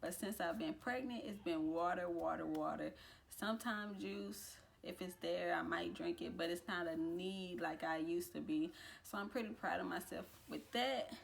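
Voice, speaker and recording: A young woman talking casually to camera in a vlog, chatty and relaxed, with frequent fillers and restarts. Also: fairly low pitch, moderate pace, vocal fry. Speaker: vlogger. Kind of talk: casual pregnancy update vlog.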